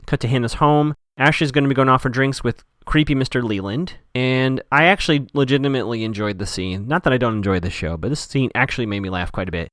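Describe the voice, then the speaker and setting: A man's voice: mid-range voice, quick pace, hardly any pauses, a bit bright, dry recording, clean studio sound. A man hosting a podcast, chattily recapping a TV episode and quoting characters in playful voices. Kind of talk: casual recap chat.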